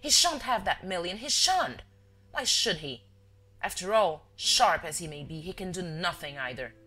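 A woman voicing an agitated older man, a father who stammers and shouts. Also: on the low side, animated, normal speed, faint music behind. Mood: defiant.

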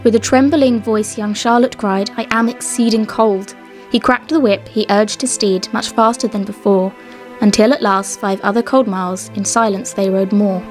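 A woman, co-host of a craft and history show, reciting an old poem in a measured way and then narrating its history. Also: mid-range voice, fairly even intonation, faint music behind.

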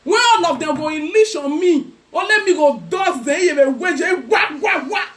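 Speaking at a moderate pace, this young Nigerian woman has a very high, somewhat bright voice as she rants through gossip on her vlog. Her taunts come out sing-song, often dissolving into mocking laughter.

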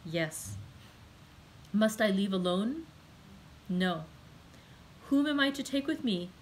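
A woman's voice: medium pitch, lively intonation, takes it slowly, darkish tone, a little hiss or hum, rough recording. A woman reading a passionate, grieving young man's lines in an audiobook, pleading and raising her voice. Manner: impassioned, pleading.

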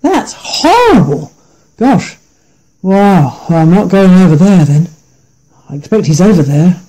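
A man playing a squeaky little billy goat. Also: measured pace, dark tone. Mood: frightened. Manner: eager, wheedling and hungry. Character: small eager young male billy goat.

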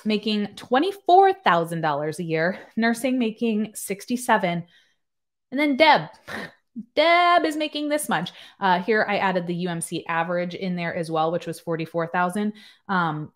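A woman in her thirties, a nurse practitioner, giving sarcastic, chatty reaction-video commentary full of fillers. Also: lowish voice.

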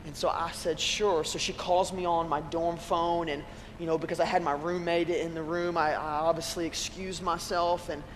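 High-voiced man preaching in a reverberant church. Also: flat delivery, normal speed. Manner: conversational storytelling with self-deprecating humor. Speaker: pastor. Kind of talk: sermon. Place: church sanctuary. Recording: long church-hall reverb with faint room noise.

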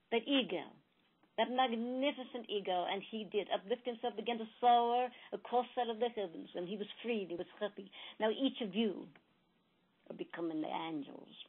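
A woman telling a spiritual parable in a gentle, emphatic, repetitive storytelling manner. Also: fairly high pitch, husky. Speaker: spiritual channeler. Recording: tinny phone-like recording.

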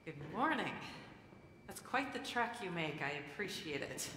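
A woman's voice: on the low side, very animated, normal speed, bright, forceful tone, a little hiss or hum. A woman pastor leading prayer and then giving a playful, coaxing children's message during a church service. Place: church sanctuary. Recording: echoey church hall with long reverb.

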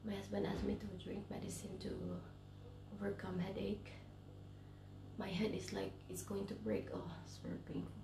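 A woman vlogger, also an English teacher, talks casually from her bedroom while sick with a cold and self-quarantining, sounding tired and often whispering. Her voice is medium-pitched and flat, at a moderate pace, in a reverberant room with background noise.

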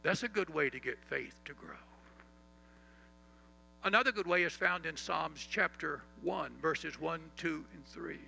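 A man pastor preaching a sermon, leading the congregation in call-and-response and reciting scripture, sometimes dropping to a soft, slow voice for emphasis. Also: a little high, lively intonation, gravelly, soft background music, poor audio.

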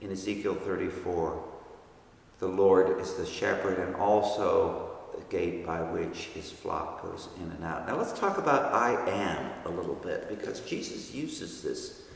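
A man's voice: deep voice, lively intonation, a little slow, gravelly. Man teaching Bible study in echoing hall. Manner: patient, explains terms step by step. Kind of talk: explanatory Bible study lecture. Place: church hall. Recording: very echoey church hall with long reverb.

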